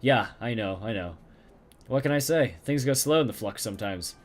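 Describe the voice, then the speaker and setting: A man quietly reads the lines of a nasal woman with a heavy smoker's voice, talking business over a phone in a video game. She is cool and matter-of-fact, giving little away. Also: medium pitch, lively intonation, moderate pace, lightly acted. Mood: businesslike.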